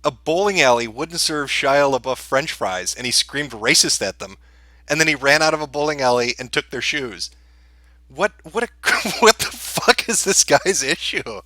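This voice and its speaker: A man delivers profane, sneering commentary with a bright, sharp-edged tone. The sound is dry and close, with no room in it. He talks in an amused, crude way, mocking as he goes. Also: on the high side, expressive, normal speed, no room sound. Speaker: podcast host.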